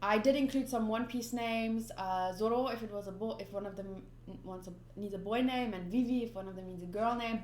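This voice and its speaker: A woman's voice: medium pitch, slight background noise. A young woman hosting a manga readthrough, chatting casually with lots of ums and giggly asides. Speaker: manga reader and channel host. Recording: roomy echo.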